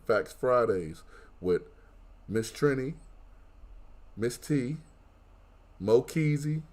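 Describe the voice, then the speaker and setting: Animated man ranting on a podcast. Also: medium pitch. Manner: animated, mock-outraged ranting. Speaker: guest podcast host. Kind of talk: casual wrestling podcast banter.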